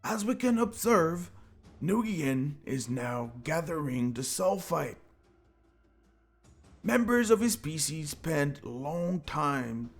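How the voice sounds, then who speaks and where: A man with a French accent putting on an older male nature documentary narrator, speaking slowly and solemnly. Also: fairly high pitch, heavily acted. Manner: slow, drawn-out, solemn narration.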